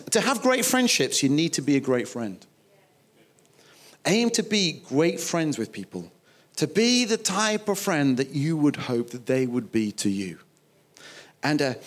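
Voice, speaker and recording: A man preaching a sermon, emphatic and conversational, acting out little quoted dialogues. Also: a little high. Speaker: pastor.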